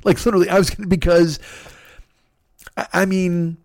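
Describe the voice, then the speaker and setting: A middle-aged man from Illinois riffs through a profane, rambling comic monologue, spinning out one ridiculous scenario after another. His voice sits a touch high for a man and carries a gravelly fry, and the recording is dry and close. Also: little pitch movement, normal speed, darkish tone, no room sound.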